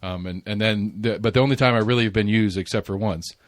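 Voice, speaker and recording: A man's voice: on the low side, quick pace, no room sound. A man in his forties hosting a casual podcast chat, rambling through stories with restarts and laughs. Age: 40s. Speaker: podcast host.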